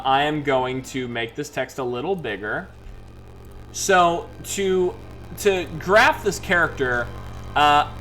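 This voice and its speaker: A man's voice: on the high side, a bit bright. A man hosting a live-streamed solo tabletop game, talking casually and rambling with many fillers. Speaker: host and game master.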